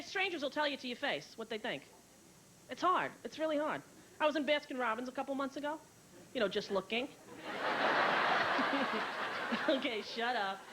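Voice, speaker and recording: A woman from the United States doing a stand-up comedy routine, brash and profane, telling animated stories and slipping into put-on voices. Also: high-pitched. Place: comedy stage before a live audience. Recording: lo-fi VHS recording with loud audience noise. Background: audience laughter.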